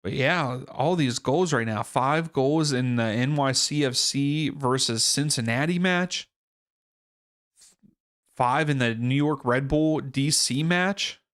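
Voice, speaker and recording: A man's voice: mid-range voice, slow pace, a bit bright, no room sound, clean studio sound. A man hosting a live soccer watchalong stream, chatting casually and thinking aloud with fillers and restarts. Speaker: livestream watchalong host.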